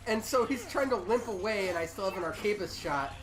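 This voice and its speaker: A man's voice: high-pitched, animated, brisk, over music, poor audio. A young man with the hiccups, co-hosting a game playthrough and telling a long rambling story in casual chat. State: has the hiccups. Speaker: let's play co-host.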